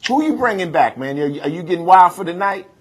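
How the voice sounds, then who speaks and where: A man's voice: high-pitched, expressive, quick pace, husky. A man hosting a TV mediation, bluntly questioning and teasing a roommate in slang. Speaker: TV mediator host. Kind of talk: TV mediation hearing.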